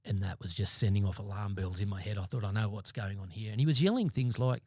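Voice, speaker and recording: An Australian man in his fifties, a former police sergeant, telling his story as a podcast guest in a blunt, halting way with many restarts. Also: lowish voice, a little mellow, no echo, clean studio sound. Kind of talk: interview storytelling. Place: podcast studio.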